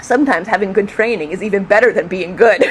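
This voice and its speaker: A middle-aged woman who was a police officer tells a story in an interview, acting out the shouts. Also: medium pitch, a little fast, crowd noise. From New York State. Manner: lively, acts out the shouts. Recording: faint background noise.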